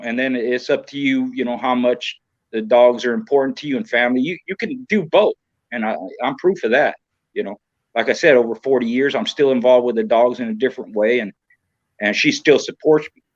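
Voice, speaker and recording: A man's voice: medium pitch, moderate pace, no room sound. A man of about sixty from Southern California talks as a podcast guest. He rambles in a frank, profane way, filling gaps with "you know." His voice sits in the middle of the male range, and the sound is dull, lo-fi and dry. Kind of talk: casual chat.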